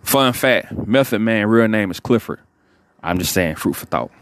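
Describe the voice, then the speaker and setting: A man's voice: fairly low pitch, animated, normal speed, no room sound, studio quality. Rambling laid-back podcast host, a man. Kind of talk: casual podcast sign-off.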